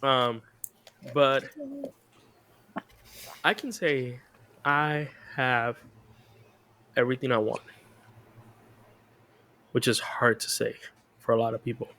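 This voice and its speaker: A man's voice: mid-range voice, fairly even intonation, takes it slowly, pauses often, pushed and bright. Frank man telling his story. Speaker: podcast co-host. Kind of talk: casual chat.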